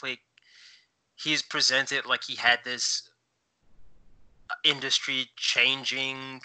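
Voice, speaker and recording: A man's voice: mid-range voice, level tone, slow pace, bright, forceful tone, smooth, low-quality recording. A man co-hosting a podcast in casual chat, rambling with many fillers as he looks things up while talking. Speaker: podcast co-host.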